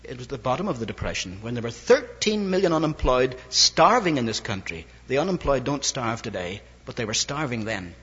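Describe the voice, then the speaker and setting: Barely pausing, an older Irish evangelist preacher rattles fairly quickly through a wry anecdote in his sermon, his inflection lively. His medium-pitched voice has a breathy edge, and the dull lo-fi sound carries a long hall reverb.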